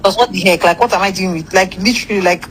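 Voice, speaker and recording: Fast-talking woman rambling a story. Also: mid-range voice, slight background noise, low-quality recording. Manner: rambling, many fillers and asides, swears freely. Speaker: guest telling a personal story. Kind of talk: casual storytelling chat.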